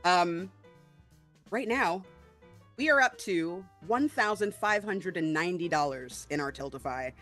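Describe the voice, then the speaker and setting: Chatty, excitable woman hosting a stream. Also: fairly low pitch, measured pace, soft background music. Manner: chatty, excitable, many ums. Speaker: stream host. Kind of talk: charity stream introduction.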